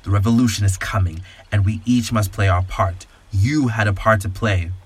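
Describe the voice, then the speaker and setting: A man voicing a cold, commanding villainous woman who speaks with slow contempt. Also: fairly low pitch, breathy edge.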